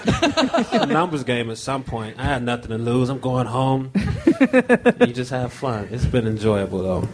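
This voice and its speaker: Laid-back American man, very animated pitch. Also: normal speed. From United States. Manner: laid-back, blunt, dry humor. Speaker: guest comedian. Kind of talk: casual chat at a live comedy show. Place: bar stage before a live audience.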